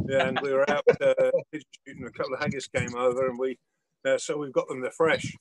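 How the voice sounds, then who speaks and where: A man's voice: medium pitch, steady tone, fast, low-quality recording. Older man chatting while he cooks. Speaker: celebrity cook host. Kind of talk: casual chat while cooking.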